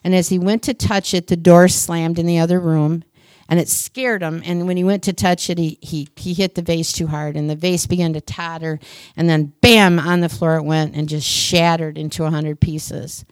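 A woman's voice: fairly low pitch, fairly even intonation, moderate pace, no room sound, studio quality. A woman preacher giving a sermon, earnest, repeating phrases for emphasis and telling stories.

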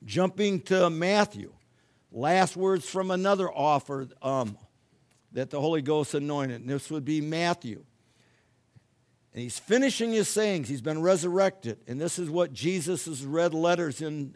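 A man's voice: a little high, darkish tone. A male pastor preaching a sermon to listeners tuning in from home, stressing key words with rising force. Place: church or home, streamed to remote listeners.

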